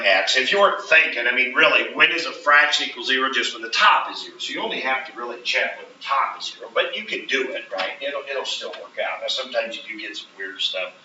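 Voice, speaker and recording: Man teaching class, bright and distant. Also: mid-range voice, slight background noise. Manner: explains step by step, checks in with frequent "right?". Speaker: math teacher. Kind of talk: classroom lecture. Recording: roomy, distant, dull classroom recording.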